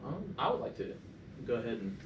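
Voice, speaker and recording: A man at a middle pitch taking part in a tabletop game, hesitant and full of fillers. He sits back from the mic in an echoey room with faint noise. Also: very animated, fairly quick, recorded from a distance, lo-fi sound. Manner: hesitant, filler-laden speech. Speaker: player. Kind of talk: casual tabletop play. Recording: roomy echo, away from the mic, faint noise.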